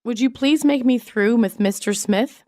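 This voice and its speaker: Woman reading English practice sentences, measured. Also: fairly high pitch, darkish tone, dry recording, clean studio sound. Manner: measured, evenly paced reading of isolated sentences. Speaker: English lesson reader.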